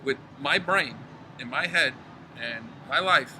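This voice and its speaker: A middle-aged podcast co-host with a medium-pitched voice speaks slowly, ranting in a heated, profane casual chat. He's recorded outdoors in a backyard, with clear outdoor background noise.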